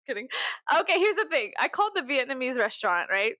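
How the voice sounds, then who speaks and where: A young Southern US woman vlogs from her bedroom, talking casually to camera in a rambling, profane way that erupts now and then into loud, high outbursts. Her pitch swings widely, she talks quickly, and the recording is dry.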